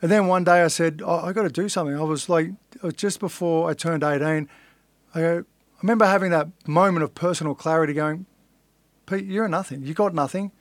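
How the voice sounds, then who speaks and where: A middle-aged Australian fighter, appearing as a podcast guest, tells his life story in a casual interview, blunt and swearing freely while acting out the voices he quotes. His voice is on the high side with fairly even intonation and a quick pace, and there's no room sound.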